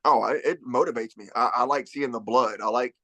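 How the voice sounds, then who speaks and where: A man in his thirties talks easily through fight stories on a podcast, full of fillers and restarts. His voice sits at an ordinary middle pitch. The sound is dry and close, with no room around it. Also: a little fast, a bit bright, no echo. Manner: laid-back storyteller, many fillers and restarts. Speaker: UFC fighter guest. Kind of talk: casual podcast interview.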